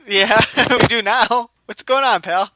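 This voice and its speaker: A man's voice: very high-pitched, slow, heavy background noise. A man co-hosting a casual podcast chat, blunt and opinionated, laughing easily. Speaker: podcast co-host.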